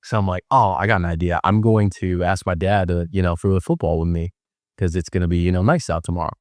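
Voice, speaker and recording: A man's voice: deep voice, fairly even intonation, fast talker, no echo, studio quality. A young man hosting a podcast, telling stories in a loose, joking way with lots of fillers. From Wisconsin. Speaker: podcast host. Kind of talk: casual storytelling monologue.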